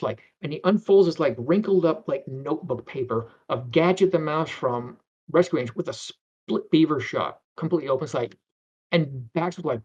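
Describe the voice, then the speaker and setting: A middle-aged man, guesting on an interview, tells anecdotes in a rambling way, restarting often and acting out voices. His voice is fairly high, a little fast, a little mellow and slightly rough, with lively intonation, and the lo-fi recording sounds dull.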